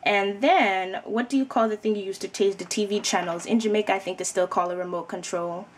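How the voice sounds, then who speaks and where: A woman's voice: mid-range voice, steady tone, brisk, a little hiss or hum. A young adult woman from New York with a New York accent, chatting casually to camera in a rambling way full of fillers. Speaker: vlogger.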